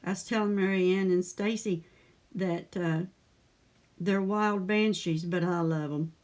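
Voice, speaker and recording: Slow-talking older woman crafting on a livestream. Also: on the low side, fairly even intonation, darkish tone. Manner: chatty, greets viewers by name while crafting. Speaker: scrapbooking channel host. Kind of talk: casual crafting livestream chat.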